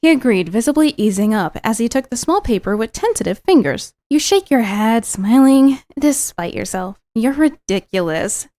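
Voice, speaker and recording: A young woman with a somewhat high voice reads a visual novel aloud, stopping often for giggly, teasing comments. Her sound is dry and close to the mic. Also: very animated, normal speed, few pauses, mellow, dry recording. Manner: giggly, teasing asides between narration. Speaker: streamer. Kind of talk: reading and reacting to a visual novel.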